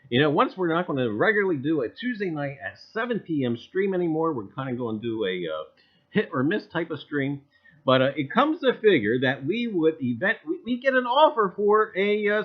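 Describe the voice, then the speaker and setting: High, lively folksy stream host man. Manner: folksy, repeats greetings and catchphrases. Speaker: livestream host. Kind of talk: casual livestream chat. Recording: dull lo-fi stream audio.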